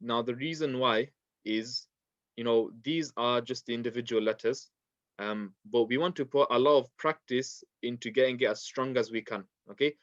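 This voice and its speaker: A man's voice: mid-range voice, moderate pace, no room sound, lo-fi sound. A man teaching a beginners' class, explaining each point patiently and repeating words, with many small fillers. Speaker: Quran recitation teacher.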